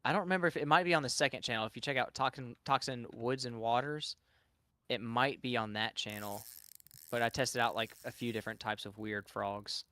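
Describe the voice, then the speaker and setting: Southern Louisiana man, mid-pitched, dry close sound, rambling live-stream chatter. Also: a little fast, sharp tone, no echo. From Louisiana, USA. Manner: rambling, stops and restarts mid-thought. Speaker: guest streamer. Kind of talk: casual live-stream chat.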